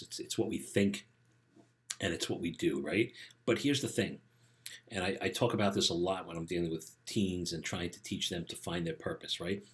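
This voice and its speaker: A middle-aged man, a life coach for teens, giving a casual motivational talk. He speaks conversationally and often tags his sentences with "right?". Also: low voice.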